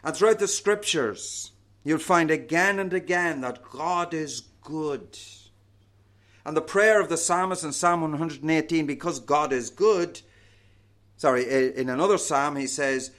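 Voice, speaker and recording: A man delivers a sermon at an unhurried, deliberate pace. His voice sits a little higher than most men's and leans hard on each key word. Phrases often settle into a low, soft close. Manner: slow, emphatic, drops to a low soft close on key words. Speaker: preacher.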